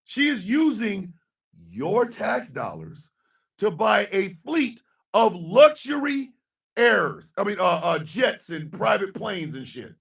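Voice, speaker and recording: A man hosting a radio show, ranting angrily and sarcastically about politics, swearing and often shouting. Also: high voice, big pitch swings, slow, gravelly, distant mic. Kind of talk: angry political rant.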